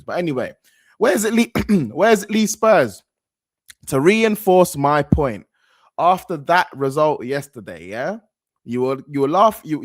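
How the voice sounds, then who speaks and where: Reacting to football on his channel, the host talks in a loose, rambling way, heavy on slang and repetition, his pitch swinging widely as he gets fired up. The audio sits close and dry, with no echo and no sense of a room.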